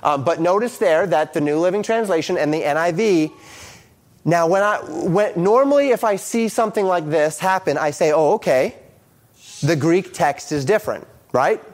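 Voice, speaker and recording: Halting man teaching Bible Greek. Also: fairly high pitch, expressive. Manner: halting, with many ums and restarts; explains Greek grammar, reading out translations. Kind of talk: screen-share Bible lesson.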